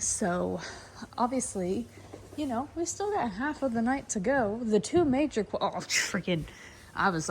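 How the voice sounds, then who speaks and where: Chatty woman with a slightly high voice. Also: a little hiss or hum. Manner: chatty and rambling, laughing often, cooing softly to the mares and foals. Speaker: foaling attendant filming her barn. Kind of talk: casual vlog chat. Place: horse barn at night.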